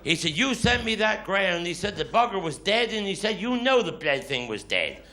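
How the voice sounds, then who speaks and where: A man's voice: sits high, very animated, a little fast, bright, forceful tone. A Cornish man performing live stand-up comedy, telling dialect stories with grumbling quoted voices. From Cornwall. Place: live stage before an audience. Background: audience laughter.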